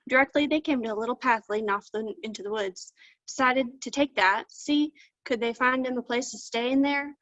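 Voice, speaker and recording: A woman storyteller tells a folktale in homespun, folksy country phrasing. Her voice sits a little high, and the sound is dull and dry, as if over a video call. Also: a little fast, fairly bright tone, dry recording.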